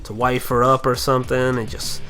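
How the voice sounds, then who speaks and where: A young man giving loose, profane gameplay commentary, rambling along and bursting into kung-fu yells. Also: medium pitch, level tone, fairly quick. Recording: faint game music behind.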